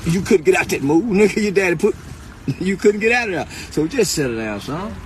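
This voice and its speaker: A man hosting a podcast, delivering a loud, profane, laughing freestyle rant that swings between high outbursts and low mutters. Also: expressive, a little fast, a little hiss or hum. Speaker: podcast host.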